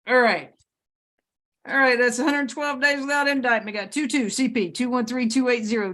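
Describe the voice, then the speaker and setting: A woman judge runs through pre-trial cases briskly. Her voice sits a little high, and her manner is businesslike with the odd joke. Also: a bit bright. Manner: brisk, businesslike, joking asides. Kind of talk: court hearing proceedings.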